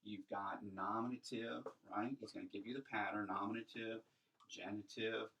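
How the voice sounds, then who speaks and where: A man's voice: lowish voice, steady tone, moderate pace, bright, forceful tone, lo-fi sound. A middle-aged man giving an informal lecture on Greek grammar, talking in a chatty way with many ums and restarted sentences.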